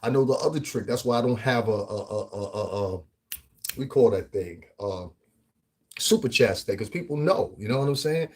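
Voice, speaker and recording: A man's voice: fairly low pitch, animated, normal speed, a little mellow, breathy edge. A man ranting on a vlog in heated, profane, mocking commentary, often repeating himself, with speech. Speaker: vlogger.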